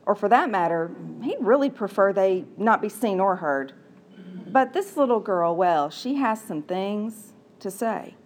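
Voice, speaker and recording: A woman's voice: mid-range voice, expressive, a little slow, slight background noise. A woman preacher telling a story in a sermon, with a conversational manner and playful asides.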